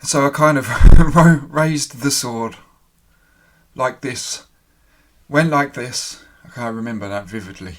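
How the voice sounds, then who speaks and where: Male storyteller, mid-pitched, emotional halting delivery, pauses and restarts, candid personal account. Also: a bit bright. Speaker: storyteller recounting his own experience.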